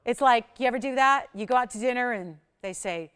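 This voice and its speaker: A woman hosting a live home shopping show, pitching jewelry deals in a chatty, energetic way with sudden loud bursts. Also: fast, clean tone.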